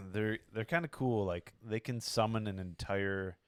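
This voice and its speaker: A man's voice: fairly low pitch, unhurried, gravelly, dry recording, studio quality. A man co-hosting a casual podcast, hesitant and full of fillers as he searches for words. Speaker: podcast co-host. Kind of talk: casual chat.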